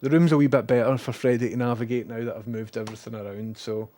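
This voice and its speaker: A Scottish man streaming from his room at home, chatting casually and talking to his dogs. He switches between a high sing-song voice for the dogs and low muttered asides. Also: fairly even intonation, fast talker, hardly any pauses, warm tone.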